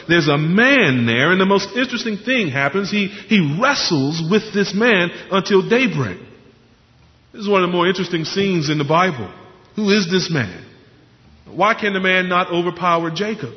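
A pastor preaching a sermon, explaining scripture earnestly and posing questions to the congregation. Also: male voice, sits high. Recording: muffled sound with long hall reverb.

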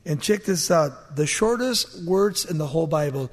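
Preaching a sermon, a man uses a lively, high voice to act out the characters of a scripture story, laughing as he goes. The long echo of a large hall rings around him. He moves at a moderate pace with few pauses, swinging between loud bursts and quiet asides.

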